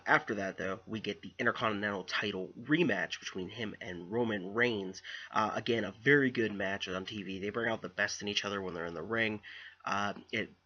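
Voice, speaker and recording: Man, young adult, casual wrestling recap, rambling, lots of "uh" and "like", bright tone, muffled lo-fi mic. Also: on the low side. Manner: rambling, animated, lots of fillers. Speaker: wrestling show reviewer.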